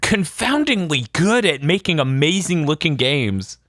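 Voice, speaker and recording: A man hosting a podcast in casual chat, animated and joking, swearing freely. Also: a little high, a little slow. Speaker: podcast host.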